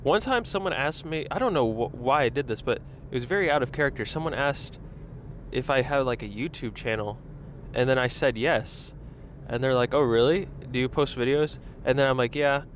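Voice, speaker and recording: A young man talks to himself on a lapel mic while driving. His chat rambles and turns self-conscious, at a middle pitch. Faint road and traffic noise hums under him. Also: expressive, moderate pace. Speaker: podcast host. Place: in a car in traffic.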